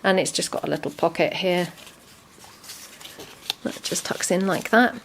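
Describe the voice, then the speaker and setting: A woman casually walking through a handmade junk journal, chatty and relaxed with frequent ums. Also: lowish voice, measured pace, slight background noise. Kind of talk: casual show-and-tell narration.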